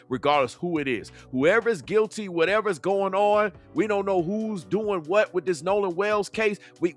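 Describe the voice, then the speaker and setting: A man's voice: high-pitched, fairly bright tone. A man giving heated reaction commentary, confrontational and full of rhetorical questions. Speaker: YouTube commentator.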